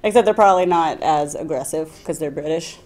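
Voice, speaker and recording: A woman's voice: deep voice, brisk, darkish tone. A woman co-hosting a live stream in casual chat, reacting with short questions and laughing easily.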